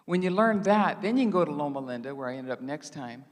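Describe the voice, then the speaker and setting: A woman in her sixties preaching a storytelling sermon in a lively, laughing way, acting out conversations from her past. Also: sits low, fast, big-room sound. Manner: lively, laughing, acts out dialogue. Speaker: guest preacher. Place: church sanctuary.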